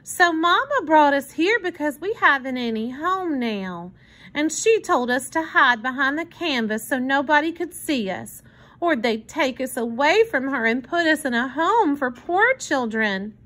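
A woman's voice: high-pitched, expressive, unhurried, pushed and bright, voice pushed up, exaggerated voice. A woman reading aloud as an earnest, brave little girl in a storybook. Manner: earnest, pleading.

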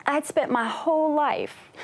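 A woman's voice: sits high, slow. A woman singer, a guest on a talk show, earnestly telling her personal faith story and laughing now and then. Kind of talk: personal faith testimony in an interview.

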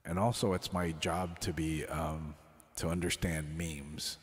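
A man's voice: very deep voice, flat delivery, measured pace, long reverb tail. A man hosting a livestream, chatting casually with viewers, often laughing and apologizing as he rambles. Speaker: livestream host. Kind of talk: casual chat with stream viewers.

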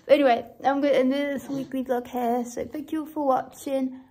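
A woman's voice: high voice, fairly even intonation, fairly quick, mellow, low-quality recording. A young woman chatting casually in a vlog, rambling and often dropping into a whisper. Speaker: vlogger. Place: at home and outdoors. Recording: background noise.

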